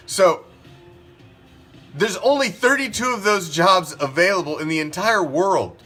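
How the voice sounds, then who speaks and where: Male sports podcast host, higher voice, profane, peppers rhetorical questions. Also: lively intonation, measured pace, pushed and bright, soft background music. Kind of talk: opinionated sports talk.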